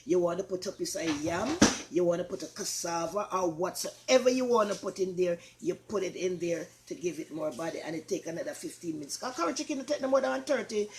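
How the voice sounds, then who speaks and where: Older Jamaican woman host, lowish voice, chatty and repetitive, faint hiss. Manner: chatty, repeats herself, warm asides to viewers. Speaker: talk show host. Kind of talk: casual cooking chat.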